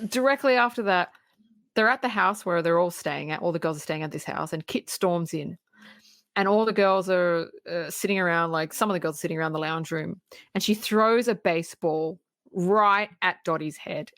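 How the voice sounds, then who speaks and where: A woman co-hosting a podcast, retelling movie scenes in a lively, chatty way. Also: fairly low pitch, normal speed, dry recording, studio quality. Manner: animated retelling with laughs and acted quotes. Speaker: podcast co-host. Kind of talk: casual film recap chat.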